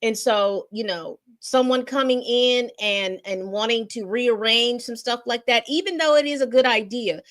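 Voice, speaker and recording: A woman's voice: a little high, moderate pace, hardly any pauses, fairly bright tone. A woman hosting an entertainment commentary show, chatting casually and speaking straight to her viewers. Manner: chatty, addresses viewers directly.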